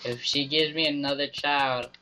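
A man's voice: mid-range voice, fairly even intonation, moderate pace, pushed and bright, soft background music. A young man giving goofy, melodramatic commentary while playing a game, on a slightly dull lo-fi mic. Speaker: gaming YouTuber. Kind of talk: playful gameplay commentary.

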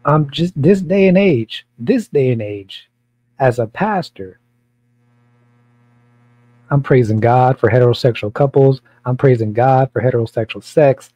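A man's voice: medium pitch, unhurried, pauses often, mellow, no room sound, low-quality recording. A man who is a pastor, talking in a blunt, provocative, rambling way with many repeats during a casual Bible study.

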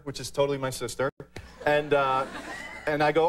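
Deadpan male comic guest, slightly high voice, filler-laden talk-show storytelling. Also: a little fast. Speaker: comedian guest. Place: TV studio.

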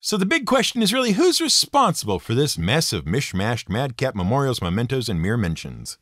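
A man's voice: mid-range voice, huge pitch swings, brisk, a bit bright, no room sound. A man narrating a scripted podcast episode in a wry, playful storytelling manner with dry asides. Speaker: podcast host.

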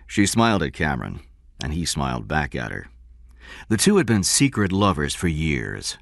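Low, animated male audiobook narrator. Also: moderate pace, vocal fry, dry recording, studio quality. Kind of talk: scripted narration.

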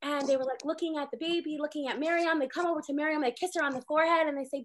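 High-pitched woman teacher; chatty, animated storytelling over a video call. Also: rapid-fire, few pauses. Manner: animated storytelling, acts out characters' lines, many "like" fillers. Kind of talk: casual online Torah class.

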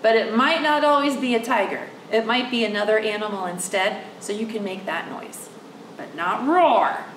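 A woman's voice: a little high, a little fast, hardly any pauses, roomy sound, far from the mic, slight background noise, poor audio. A woman working as a children's librarian, reading a picture book aloud and coaxing young children to join in. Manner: animated, coaxing, speaks directly to the kids.

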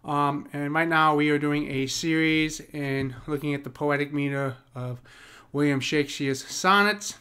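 Man with a smooth, slightly high voice. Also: measured pace, bright, forceful tone. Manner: hesitant, many ums and restarts while explaining; taps out rhythms aloud as da-dum. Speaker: poetry teacher. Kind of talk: unscripted educational explainer.

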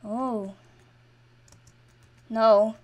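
A woman giving casual commentary over her own game as a channel host, excitable and shifting from quiet mumbling to loud, high shrieks. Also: drawn-out words.

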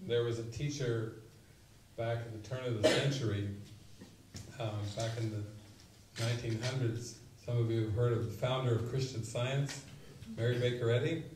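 A man giving a spiritual retreat talk, telling stories and acting out quotes with sudden loud bursts. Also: medium pitch, fairly even intonation, normal speed. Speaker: spiritual teacher. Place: retreat meeting room. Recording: roomy, mic at a distance, faint noise.

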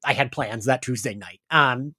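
A man's voice: medium pitch, moderate pace, bright, forceful tone, dry recording, studio quality. A podcast host in casual chat, a little congested, telling stories and acting out what his friends said. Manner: chatty storyteller, acts out quoted friends. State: congested from crying.

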